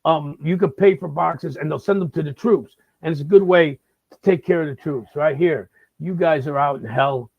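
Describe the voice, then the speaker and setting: A man's voice: fairly high pitch, normal speed, vocal fry, no echo. A man hosting a comedic live-stream monologue, rambling and stammering with lots of repeated words. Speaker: host. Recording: slightly dull lo-fi sound.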